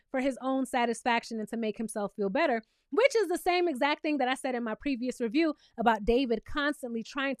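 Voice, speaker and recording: A sassy woman recaps a reality show in a casual, animated way, with a high voice. She jumps between her own comments and mock quotes. The sound is dry and close, with no room echo.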